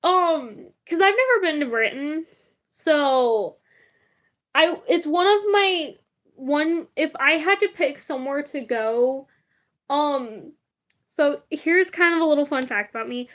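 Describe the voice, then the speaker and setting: A woman's voice: sits high, lively intonation, slow pace, fairly bright tone. A young woman streaming live, chatting casually and rambling, often laughing. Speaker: livestreamer. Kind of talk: casual livestream chat.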